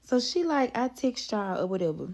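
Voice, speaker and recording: A woman's voice: a little high, sing-song, normal speed, a little mellow. Fed-up, profane woman telling a story. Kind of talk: casual storytime.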